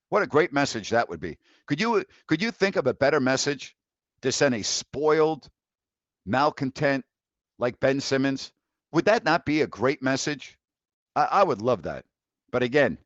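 A man's voice: mid-range voice, no echo. Man, 50s, sports talk host, blunt ranting, dry sound, muffled lo-fi audio. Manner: blunt, ranting, laughs in disbelief, many restarts. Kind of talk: live call-in sports talk. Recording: dry, dull lo-fi mic.

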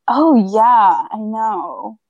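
A woman co-hosting a movie podcast, agreeing and chatting in a relaxed, halting way. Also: fairly high pitch, no echo, phone-quality sound. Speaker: podcast co-host. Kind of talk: casual movie recap chat.

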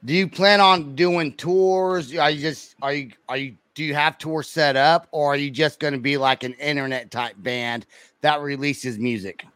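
Playful podcast host dude, pretty high voice, repeats stuff, dry sound. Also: male voice, fairly even intonation, normal speed, fairly bright tone, dry recording. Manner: playful, teasing, repeats himself. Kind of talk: casual interview chat.

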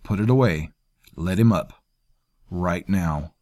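A stern, protective soldier, as a male narrator voices him, giving firm orders with quiet threat. The read is close and dry. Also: low voice, slow, no echo.

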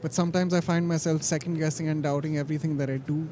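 A young man studying acting answers questions on a city street, earnest and good-natured. His voice runs a bit higher than most men's. Light traffic noise drifts in from the street. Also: little pitch movement, fast talker, dark tone. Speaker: acting student. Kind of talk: casual street interview answers. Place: city sidewalk outdoors.

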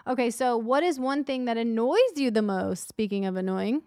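Thirtysomething woman chatting away, kinda high voice, lots of laughs, dry close mic. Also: moderate pace, smooth, no room sound. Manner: animated, laughs often, emphatic when irritated. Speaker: podcast co-host. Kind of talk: casual chat.

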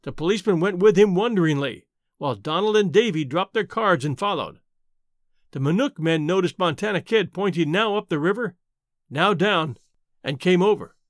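A man's voice: sits high, expressive, moderate pace, no echo, clean studio sound. A man narrating a classic adventure story in a dramatic, storytelling manner. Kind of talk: scripted audiobook narration.

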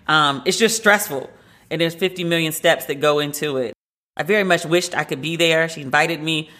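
A woman's voice: low-pitched, fairly bright tone. A woman hosting a casual solo podcast from her home loft, chatty and gushing, with a lot of filler "like". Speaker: podcast host.

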